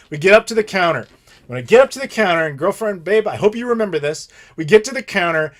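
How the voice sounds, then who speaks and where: American dude in his 30s on a live stream q&a, animated and cursing, slightly high voice. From United States. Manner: animated, profane, blunt. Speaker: channel host.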